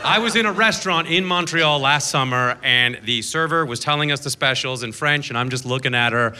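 A man's voice: medium pitch, brisk, sharp tone, a little hiss or hum. A man performing a sarcastic stand-up set on a theater stage, slipping into mocking voices for his bits. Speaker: stand-up comedian. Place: theater stage with a laughing audience.

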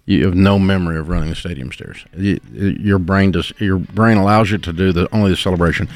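A man's voice: low-pitched, a little fast. A middle-aged man hosting a call-in advice show, folksy, blunt and encouraging. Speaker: radio show host giving advice. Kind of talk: call-in radio advice talk.

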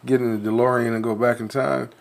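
A man co-hosting a casual live radio show, talking slowly and hesitantly. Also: medium pitch, level tone, vocal fry. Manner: slow, hesitant, reflective.

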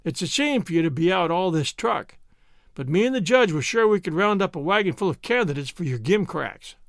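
Man voicing a florid, mock-formal Western camp man for a storybook, lively pitch. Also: a little fast, dry recording, clean studio sound. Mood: explaining.

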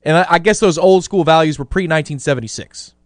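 Man, radio co-host, wry teasing banter, slightly high voice, dry close sound. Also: fast, no echo. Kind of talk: casual sports radio chat. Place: radio studio.

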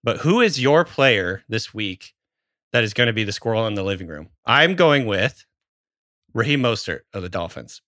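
A man's voice: fairly low pitch, very animated, normal speed, sharp tone, no echo, clean studio sound. A man in his thirties co-hosting a podcast, telling a story in casual chat and swearing freely. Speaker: podcast host.

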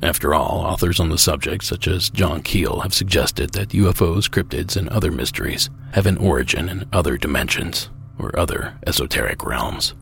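A man narrates as a podcast host in a measured, musing way. His voice sits very low, with a gravelly rasp. There is a faint hiss behind him. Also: a bit bright. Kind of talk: scripted narration.

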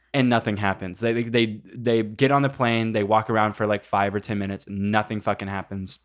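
A man's voice: lowish voice, steady tone, fairly quick, few pauses, a bit bright, smooth. A man telling a story in casual chat, rambling and profane, full of "like" fillers. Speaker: podcast co-host.

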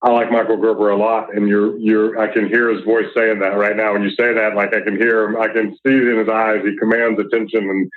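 A man hosting a podcast, affirming his guest, speaking haltingly with repeated words. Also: lowish voice, level tone. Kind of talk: casual interview chat. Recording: tinny phone-like line.

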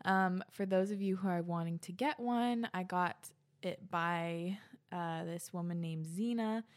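A young woman hosting her own podcast in casual solo chat, swearing freely and dropping into soft whispers. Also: lowish voice, measured pace. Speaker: podcast host.

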